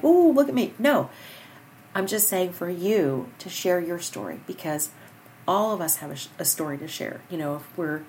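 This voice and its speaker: A woman's voice: lowish voice, a little mellow, a little hiss or hum. A middle-aged woman hosting a podcast, talking earnestly and encouragingly in a rambling personal monologue. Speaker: podcast host.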